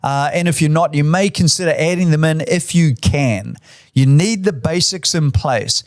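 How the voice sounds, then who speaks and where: Aussie real estate guy rattling off tips, lots of uhs, a bit high pitched. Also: normal speed, no echo, clean studio sound. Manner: enthusiastic, chatty, lots of "uh" fillers. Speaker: real estate CEO and auctioneer giving tips. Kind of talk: casual instructional talk.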